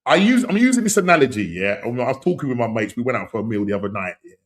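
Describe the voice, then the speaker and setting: Animated man hosting a podcast. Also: mid-range voice, fast. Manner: animated, slang-heavy, laughs often. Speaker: podcast host. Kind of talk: casual football banter.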